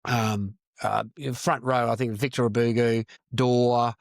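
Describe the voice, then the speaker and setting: A man's voice: mid-range voice, level tone, a little slow, vocal fry, no echo, studio quality. A man, a podcast guest and counsellor telling a long, rambling story, swearing freely and calling the listener mate. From Australia. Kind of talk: casual storytelling interview.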